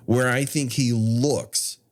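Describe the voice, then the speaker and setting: A man's voice: medium pitch, fairly even intonation, slow pace. A man co-hosting a podcast, recapping a horror film in casual chat with wry asides and frequent laughs. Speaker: podcast co-host.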